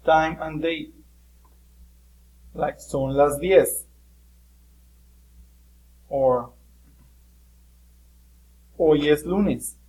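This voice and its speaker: A man's voice: a little high, extremely slow, pauses often, darkish tone, poor audio. Teacher, a man. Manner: explains patiently with fillers, switching between English and Spanish. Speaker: Spanish teacher. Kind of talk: recorded classroom lesson.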